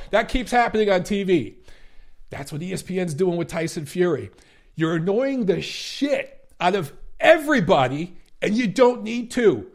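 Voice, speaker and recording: A man hosting a boxing review show, giving blunt, profane, emphatic commentary in a ranting style. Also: a little high. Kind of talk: opinionated commentary and rant.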